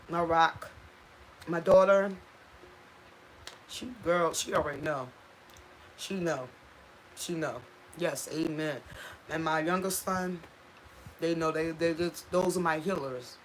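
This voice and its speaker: A woman's voice: fairly low pitch, fairly bright tone, slight background noise. A woman speaking on a live stream from home, raw and impassioned, repeating herself for emphasis and stopping to thank viewers. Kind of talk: emotional casual live-stream talk.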